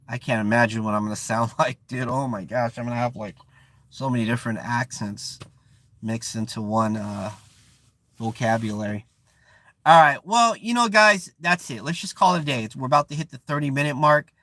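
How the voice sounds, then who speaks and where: A man's voice: mid-range voice, a bit bright. A man with a Bay Area accent whose first language is not English, hosting a casual live-stream chat and often stopping to search for words. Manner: searching for words, frequent restarts and fillers. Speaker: channel host.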